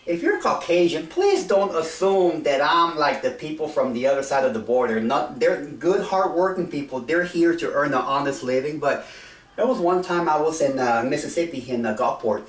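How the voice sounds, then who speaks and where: Here a fairly high-pitched, expressive man talks at a normal pace: a middle-aged vlogger from South Texas, chatting casually to camera in a meandering, hesitant way with frequent fillers and restarts. The mic is some distance away, giving a roomy sound.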